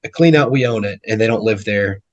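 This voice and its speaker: Speaking fairly quickly in a lowish voice, this real estate investor guest rambles through casual stories, repeating himself and performing other people's lines. The audio sounds dull.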